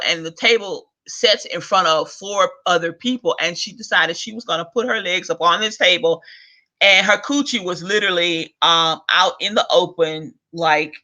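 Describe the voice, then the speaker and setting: A man's voice: high voice, pushed and bright. A man hosting a video rant, profane and exasperated, with chuckles between lines. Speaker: vlog host. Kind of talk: ranting monologue.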